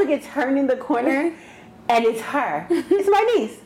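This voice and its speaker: A woman co-hosting a casual chat show, telling animated stories and acting out what people said. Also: high-pitched, measured pace. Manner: animated storyteller, acts out quotes. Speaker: podcast co-host. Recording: echoey room, faint noise.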